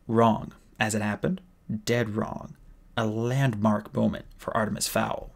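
Gravelly man reading a novel aloud. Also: lowish voice, little pitch movement, measured pace. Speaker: audiobook reader.

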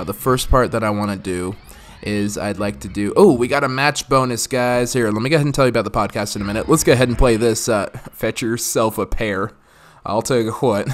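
A man hosting a slots channel, chatting casually and rambling over his mobile slot play, with many fillers. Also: lowish voice. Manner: rambling and friendly, many "uh"s and "go ahead"s.

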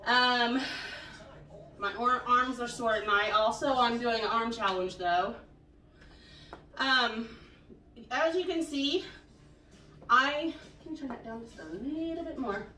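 A woman's voice: fairly high pitch, slow pace, pauses often, bright, forceful tone, a little hiss or hum. A woman in a casual home workout vlog, counting her reps aloud and chatting frankly while a little out of breath. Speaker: vlogger doing a home workout. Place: room at home. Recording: echoey room, voice from a distance.

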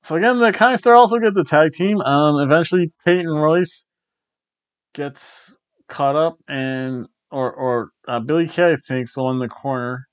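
A man's voice: fairly high pitch, normal speed, no room sound, lo-fi sound. A man hosting a casual spoken review. He rambles, corrects himself and chuckles often. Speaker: host of a wrestling review show.

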